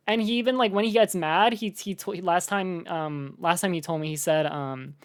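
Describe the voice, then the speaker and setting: Reacting to a video on her stream, this young American woman speaks a little fast in a low-sitting voice. Her casual chat wanders, is packed with filler words, and is punctuated by animated laughs.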